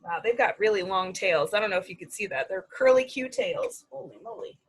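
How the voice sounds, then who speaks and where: A woman speech therapist reading a picture book aloud to preschoolers, animated and sing-song, making animal sounds. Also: mid-range voice, brisk, slightly rough, rough recording. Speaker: speech-language pathologist. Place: at home.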